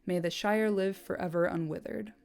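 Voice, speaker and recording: A woman reading the part of a weary noble male king, in a measured, gently teasing voice. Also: mid-range voice, fairly even intonation, creaky, natural voice. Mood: wry.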